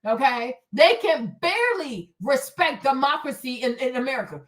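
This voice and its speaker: Woman, high voice, livestream host, heated profane rant, emphatic repeats. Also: lively intonation, normal speed. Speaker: show host.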